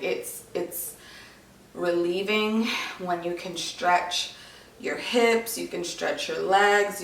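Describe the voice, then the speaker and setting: In her casual vlog update, a young woman with a fairly low voice and vocal fry chatters on, sprinkling in plenty of "like" and "um" and seeming slightly out of breath. The room echoes, and she's a bit distant from the microphone.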